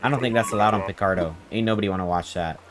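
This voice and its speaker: Deep-voiced young man joking on stream. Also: rapid-fire, crowd noise. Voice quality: playful, rambling and joking, reacting to chat. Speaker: game streamer. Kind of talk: casual live-stream chat with viewers. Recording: game music playing behind the voice.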